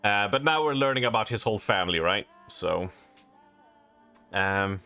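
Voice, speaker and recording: Lively, bright-voiced man streaming a game. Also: on the low side, moderate pace, faint music behind. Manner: chatty, talks to chat, reads in-game letters aloud. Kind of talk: live gameplay commentary, reading game text aloud.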